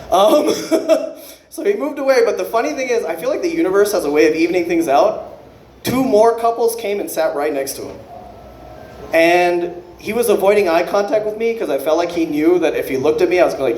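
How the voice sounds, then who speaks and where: A man doing an unrehearsed stand-up set, rambling and profane, with quick self-correcting asides. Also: high voice, sing-song, a little mellow, reverberant, slight background noise. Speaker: stand-up comedian.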